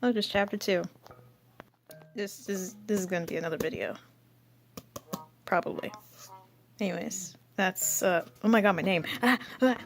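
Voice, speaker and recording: A woman's voice: mid-range voice, moderate pace, gravelly, pauses often, slight background noise. A woman hosting her channel, reading through an old comic in casual commentary, rambling and giggling at herself. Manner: rambling, giggly, self-mocking. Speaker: channel host.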